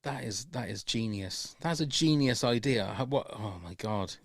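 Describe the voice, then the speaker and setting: A man's voice: mid-range voice, animated, normal speed, gravelly, no room sound, clean studio sound. A man hosting a podcast, chatting with enthusiasm and lots of restarts. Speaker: podcast host. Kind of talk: casual podcast chat.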